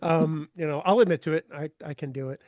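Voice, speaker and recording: A man's voice: a little high, fast talker, darkish tone, dry recording. A middle-aged man co-hosting a fan podcast over a video call, asking friendly questions and ribbing his co-host. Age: 50s. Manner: friendly, joking. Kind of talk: casual interview chat.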